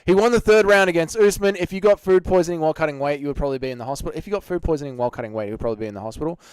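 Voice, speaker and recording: A man's voice: fairly high pitch, racing, clean tone, no echo. A man hosting a casual livestream, reading chat comments aloud and arguing back. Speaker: livestream host answering chat.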